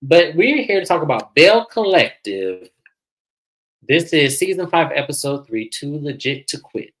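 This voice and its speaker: A man's voice: fairly high pitch, sing-song, normal speed, a bit bright, low-quality recording. A man hosting a casual TV recap, chatty and dramatic, talking straight to his viewers. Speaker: host.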